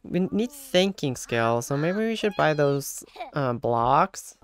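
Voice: medium pitch, lively intonation, slow pace, faint music behind. A game streamer giving casual gameplay commentary, thinking aloud and talking to the game characters.

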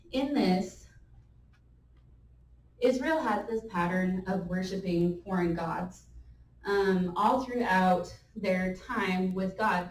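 A woman giving a conversational sermon, telling the story in a lively way with laughing asides. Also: medium pitch, slight background noise. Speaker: church speaker. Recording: echoey room, mic at a distance.

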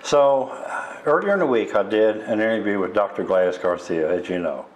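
A man's voice: fairly low pitch, slight background noise, low-quality recording. An older man from the United States hosting a casual interview in an insurance office, friendly and rambling, often repeating himself. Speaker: host.

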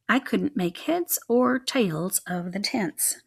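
A young adult woman reading a children's chapter book aloud in an expressive, rhythmic way. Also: mid-range voice, takes it slowly, creaky, husky. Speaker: reader.

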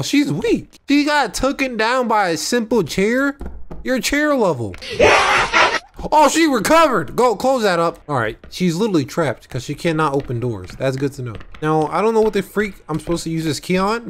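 A young man playing a horror game and commenting, jumpy and excitable, yelling when startled. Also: fairly high pitch, fairly quick, few pauses. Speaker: gaming channel host.

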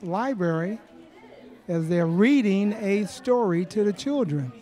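A man's voice: sits high, lively intonation, slow pace, mellow, a faint crowd. Jovial man interviewing at a park festival. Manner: jovial, chatty, playful asides. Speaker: host interviewing visitors. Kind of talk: roving interview at a community event.

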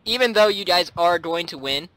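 A man's voice: high-pitched, animated, moderate pace, background noise. A man chatting casually and playfully while playing a game, laughing often. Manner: giggly and playful, frequent laughter. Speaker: gameplay commentator. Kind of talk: casual gaming chat.

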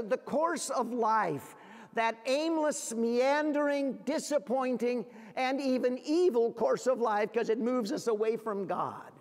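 A man preaching a sermon as pastor, earnest, often repeating words as he searches for the next phrase, and dropping low and quiet when he quotes scripture. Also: in a large hall. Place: church sanctuary.

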